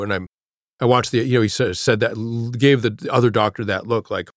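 Middle-aged male author, low voice, halting reflective storyteller, dry close sound. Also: fairly even intonation, no room sound. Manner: halting, reflective, drops to a hush at grave moments. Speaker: guest, author. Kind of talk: personal storytelling in an interview.

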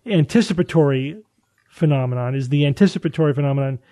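A man's voice: a little high, fast talker, warm tone, dry recording. A man hosting a casual science chat, explaining findings at length with frequent restarts and fillers.

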